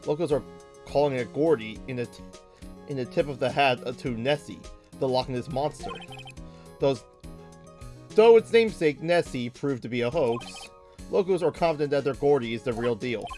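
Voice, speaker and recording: A man voicing a male TV news anchor, reading in a lower, quieter newsreader cadence. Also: expressive, normal speed, pauses often, faint music behind, natural voice. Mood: formal.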